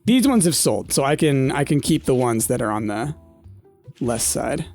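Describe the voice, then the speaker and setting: A man's voice: on the high side, animated, moderate pace, darkish tone, dry recording. A man in his thirties chatting casually while playing a game, rambling and nostalgic with lots of fillers. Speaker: gaming streamer. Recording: dry close mic with faint game music.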